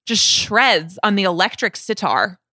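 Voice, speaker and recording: A woman's voice: medium pitch, animated, unhurried. A woman co-hosting a podcast, chatting casually and playfully about an album, laughing now and then. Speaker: podcast co-host. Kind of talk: casual music discussion.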